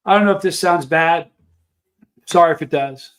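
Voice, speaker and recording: A man's voice: fairly high pitch, normal speed, fairly bright tone. A man hosting a livestream, chatting casually and rambling to his viewers. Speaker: livestream host.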